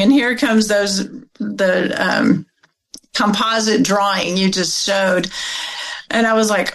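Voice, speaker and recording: A middle-aged woman from Oregon recounts a family memory as an interview guest. She speaks at a middle pitch in a conversational way. She voices the people she quotes with animated energy. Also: rough recording. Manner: animated, acts out quoted dialogue. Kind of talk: personal storytelling in an interview.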